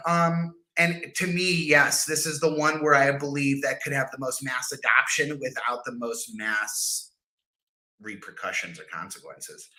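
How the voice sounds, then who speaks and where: Bright-voiced rambling male podcast co-host. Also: medium pitch, unhurried. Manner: rambling, restarts often, swears. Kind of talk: casual chat.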